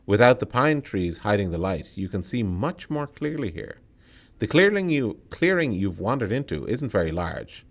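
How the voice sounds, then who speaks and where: A man reading a solo tabletop horror game aloud and breaking off to comment on his choices. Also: lowish voice. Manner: reads the text aloud, then adds quick asides about his choices. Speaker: solo game player and narrator.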